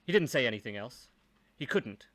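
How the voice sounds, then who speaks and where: A man's voice: mid-range voice, very animated, normal speed, fairly bright tone. A man reading a first-person story aloud, with dry, wry asides.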